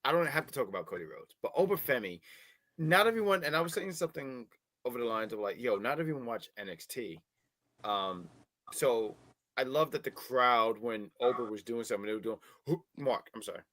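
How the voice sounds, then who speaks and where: A man hosting a casual wrestling review podcast, talking in an animated, rambling way with frequent restarts. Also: medium pitch, a little fast, dry recording. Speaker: podcast host.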